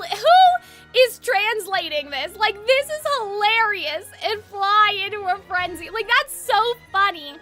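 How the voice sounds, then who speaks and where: A woman streaming a game, talking to viewers in an excitable, giggly, chatty way. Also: very high-pitched, slow pace, soft background music. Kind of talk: casual live-stream commentary.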